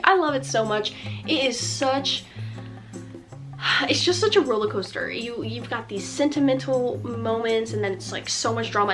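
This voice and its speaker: Young female vlogger, casual and emotive, talks in fillers, higher-pitched. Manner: emotive, gushing, lots of filler words. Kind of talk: casual movie review.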